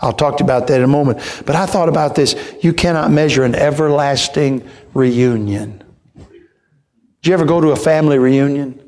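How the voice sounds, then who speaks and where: Male evangelist, fairly high voice, folksy storyteller who builds up to shouts. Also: brisk. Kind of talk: Baptist church sermon.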